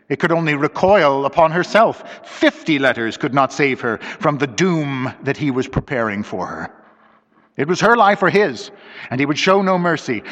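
A man's voice: medium pitch, fairly bright tone. Man reading a story in a reverberant hall. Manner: measured, dramatic reading. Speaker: narrator. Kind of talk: audiobook narration of a mystery story. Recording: dull lo-fi audio with long reverb.

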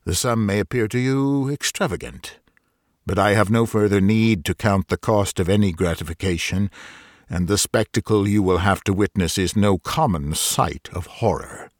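A man voicing a doomed, pale stranger who speaks in a hollow, distant low murmur, calm and grave. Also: moderate pace, no room sound, studio quality, natural voice. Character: doomed pale middle-aged man summoned by dead. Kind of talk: scripted narration of a Victorian ghost story.

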